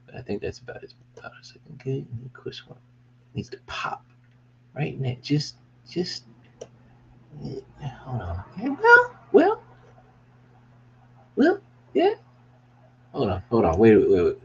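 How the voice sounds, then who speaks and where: A man's voice: medium pitch, normal speed, gravelly, pauses often, slightly rough, dull audio. A man rambling casually on a behind-the-scenes vlog about his business merch, hyped and swearing now and then. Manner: rambling, hyped, swearing, bursts into excited yelling. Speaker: small business owner showing merch.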